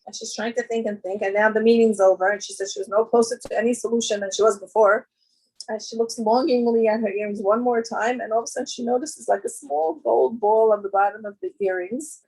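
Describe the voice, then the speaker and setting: A woman with a husky, slightly breathy voice, telling anecdotes at a women's gathering. She talks in a loose, chatty way, full of fillers. She often lifts into animated voices for the people she quotes. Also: a little high, fairly quick, low-quality recording. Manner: conversational, with many fillers and jumps into quoted voices. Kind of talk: storytelling talk.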